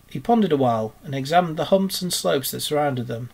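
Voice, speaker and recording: A man, a teacher, reading a children's story aloud in a steady, expressive narrating voice. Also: on the high side, fairly quick, gravelly, hardly any pauses, husky.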